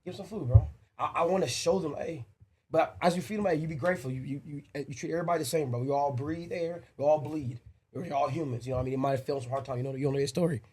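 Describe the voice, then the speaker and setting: A man's voice: a little high, racing, a little mellow, slight background noise. A man co-hosting a podcast, talking earnestly and emphatically about raising his two boys, often repeating himself. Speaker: podcast co-host. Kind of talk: casual chat.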